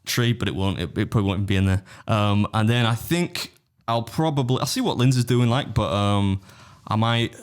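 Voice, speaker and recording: A man's voice: fairly low pitch, moderate pace, hardly any pauses, smooth. A man hosting a casual podcast, rambling and teasing and laughing often. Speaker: podcast host. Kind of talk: casual banter.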